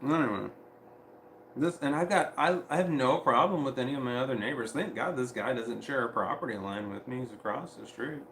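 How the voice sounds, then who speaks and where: A man telling a long story on a casual livestream, rambling and profane, with frequent restarts and quoting others in animated voices. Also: mid-range voice, a little fast, roomy sound, slight background noise.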